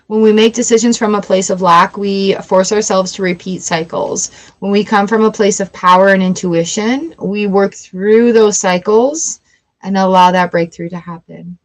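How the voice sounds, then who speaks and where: A tarot reader gives a live-streamed reading in a chatty, emotional way, often weepy and laughing. She has a medium-pitched voice with fairly even intonation and speaks at normal speed.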